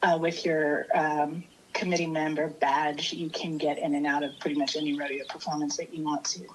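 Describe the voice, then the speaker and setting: A woman's voice: deep voice, little pitch movement, brisk, breathy edge, rough recording. A woman from Texas, chatting casually as a podcast co-host, easygoing with lots of fillers and laughs. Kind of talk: casual chat. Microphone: remote call.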